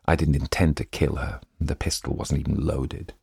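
A man reading a story aloud and voicing a cold, calculating young officer who speaks calmly. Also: rumbling low, moderate pace, creaky, husky, dry recording, studio quality, exaggerated voice. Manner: calm, flat.

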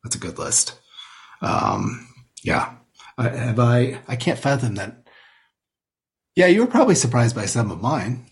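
A man from Colorado co-hosting a casual music podcast, easygoing, with halting restarts. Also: mid-range voice, huge pitch swings, husky. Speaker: podcast co-host.

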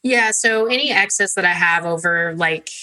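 A woman's voice: fairly low pitch, normal speed, sharp tone, rough recording. A young woman chatting casually as a podcast guest, with many "like" and "um" fillers. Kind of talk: casual interview chat.

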